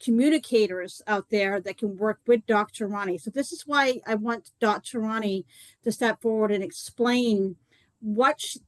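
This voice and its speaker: A woman's voice: mid-range voice, moderate pace, no room sound, rough recording. A woman telling a long personal story in a live online talk, chatty and rambling, full of "like" and "you know.". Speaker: co-host presenting a detox program.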